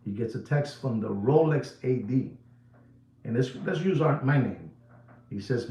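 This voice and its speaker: A watch-dealer host talks straight to his viewers in a casual monologue, hammering points home by repeating words and calling out to ladies and gentlemen. He is a native Spanish speaker, and his voice bounces around an echoey room. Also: medium pitch, lively intonation. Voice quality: emphatic, repetitive, drawn-out phrasing.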